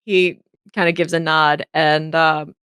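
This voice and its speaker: A woman's voice: low-pitched, flat delivery, slow pace, fairly bright tone, smooth, no echo, clean studio sound. A young woman narrating a tabletop role-play as game master, casual and full of fillers.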